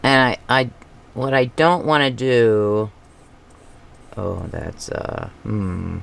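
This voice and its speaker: A woman hosting a craft video, chatting casually as she paints, thinking aloud and talking to herself with soft chuckles. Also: a bass voice, steady tone, slow, vocal fry, a little hiss or hum. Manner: soft chuckles between remarks.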